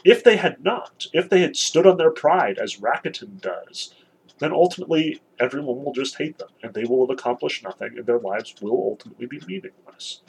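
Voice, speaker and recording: A man lectures on a novel in a loose, conversational way, filling pauses with "um" and "you know". His voice is husky, at a middle pitch. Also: lively intonation, low-quality recording. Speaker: literature lecturer. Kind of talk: recorded literature lecture.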